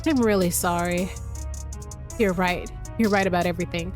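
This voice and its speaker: A woman voicing a brooding young man in a game, speaking low and hushed as he pleads. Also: steady tone, normal speed, soft background music, natural voice. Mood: remorseful.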